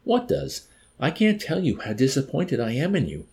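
A man's voice: medium pitch, wildly swooping pitch, moderate pace, darkish tone, voice pushed up. A man voicing a sanctimonious army major who accuses with false sorrow. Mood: accusing. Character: sanctimonious, menacing army major, male, adult.

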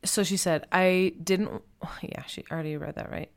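A woman's voice: fairly low pitch, steady tone, moderate pace, creaky. A woman presenting art in casual chat, chatty, laughing often and saying "like" a lot.

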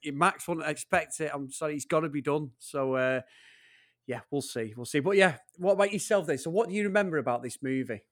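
A man's voice: fairly high pitch, a little fast, a bit bright, no room sound, studio quality. A man co-hosting a casual movie podcast, joking and swearing with a laugh. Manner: jokey, swearing, laughs often. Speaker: podcast co-host. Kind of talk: casual chat.

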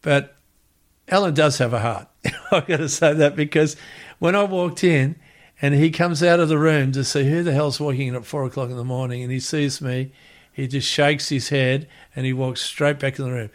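A man's voice: mid-range voice, normal speed. Australian man, middle-aged, casual rambling anecdote, acts out quotes. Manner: rambling, animated storyteller acting out quotes. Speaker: interview guest.

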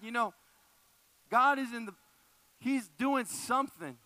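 A man preaching a sermon, emphatic and repeating phrases for effect, often dropping low and soft. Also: moderate pace, pauses often, dry recording. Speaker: pastor.

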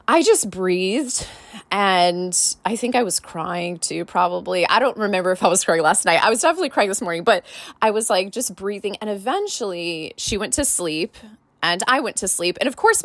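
A woman's voice: medium pitch, no room sound. A woman podcast host and life coach, telling a personal story in a casual, candid way, full of "like" and "right?".

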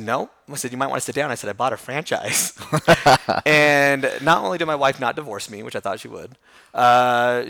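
Fast-talking man telling his story. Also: medium pitch. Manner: fast, animated storytelling with self-deprecating laughs. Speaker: hair school franchise owner. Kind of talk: interview storytelling.

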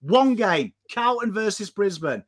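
Sweary, fired-up English fan ranting. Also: male voice, sing-song, measured pace. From England. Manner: sweary, impassioned, swings from shouting to low and intense. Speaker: co-host.

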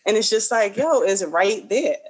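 A woman with a New York accent, chatting casually in a lively back-and-forth. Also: mid-range voice, moderate pace, slightly rough, poor audio. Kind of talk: casual chat.

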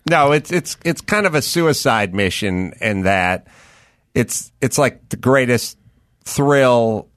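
A man's voice: medium pitch, animated, slow pace, a bit bright, no echo, clean studio sound. A man hosting a podcast interview, riffing in a loose conversational way as he muses aloud. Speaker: podcast host. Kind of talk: casual interview chat.

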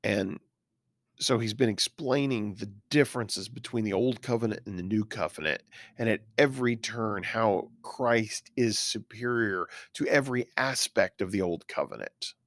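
A man who is a pastor, teaching a verse-by-verse Bible study in an earnest, explanatory way and pausing now and then to find his words. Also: fairly low pitch, a bit bright, dry recording, clean studio sound.

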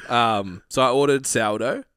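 A man co-hosting a podcast in casual chat, wry and quick to laugh, with casual swearing. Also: fairly low pitch, expressive, a bit bright, no room sound, clean studio sound. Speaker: podcast co-host.

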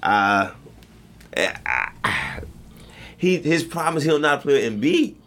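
A man's voice: medium pitch, huge pitch swings, slow, a bit bright. A man co-hosting a casual sports chat, loose and joking with plenty of profanity. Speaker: podcast co-host.

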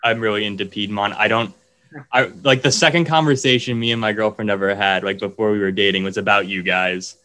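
A man's voice: lowish voice, steady tone, fairly quick, bright, forceful tone. A young man co-hosting a podcast, eagerly telling stories about concerts in casual chat. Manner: enthusiastic storyteller. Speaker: podcast co-host.

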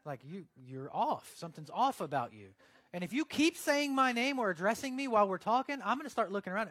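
A young man preaching a casual sermon in a conversational, joking manner. His voice sits a bit high, and the sound is dry and close with no room echo. He acts out little scenes and put-on voices as he goes. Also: big pitch swings, brisk, a bit bright. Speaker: pastor.

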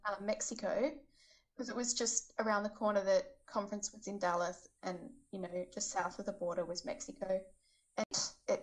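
A woman telling a story in a chatty, casual way, lively when she quotes other people's words. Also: medium pitch, poor audio. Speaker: charity event organizer.

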